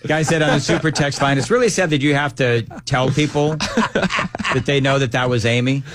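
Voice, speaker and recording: A man's voice: mid-range voice, moderate pace, background noise. A man in his fifties, a radio host, telling stories in casual morning banter and laughing often. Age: 50s. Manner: jokey, laughs often, animated storyteller.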